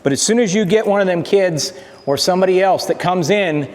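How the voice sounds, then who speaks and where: A man working as a dog trainer, explaining calm greetings in a plainspoken way while he talks to a dog. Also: high-pitched, fairly quick, long reverb tail. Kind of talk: casual instruction to camera.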